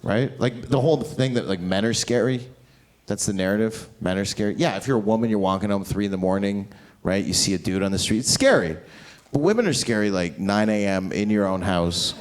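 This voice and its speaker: A man performing a stand-up comedy set on a club stage, brash and profane, swinging between loud outbursts and low mutters. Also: animated, brisk. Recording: noisy live club recording. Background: audience laughter.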